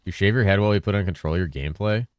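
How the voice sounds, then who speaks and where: A game streamer with a deep, bassy voice chats loosely with viewers and answers their questions, talking rapid-fire and breaking into bursts of laughter. He uses a streaming mic run through a mixer, and there's no echo.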